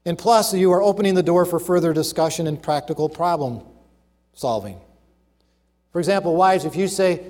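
A man delivering a sermon with a fairly high pitch for a man, emphatic and orderly as he works through numbered points. He slows down to stress his key phrases. His voice carries a long reverb, as if he is in a large hall. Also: a little mellow. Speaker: preacher.

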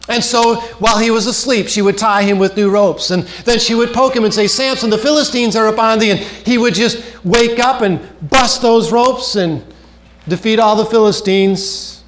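A man preaching a sermon in an earnest way, repeating key phrases and dropping his voice low at the ends of phrases. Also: moderate pace.

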